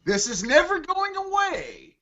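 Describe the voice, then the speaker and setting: Lively, crude teasing man. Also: very high voice, measured pace. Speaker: live stream co-host. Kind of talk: joking live-stream banter. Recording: lo-fi online stream audio.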